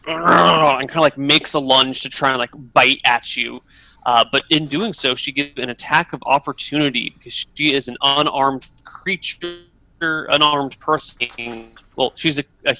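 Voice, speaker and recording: A man's voice: medium pitch, bright, forceful tone, no echo, low-quality recording. A man narrating as dungeon master, patiently explaining rules step by step. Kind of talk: narrating a tabletop game.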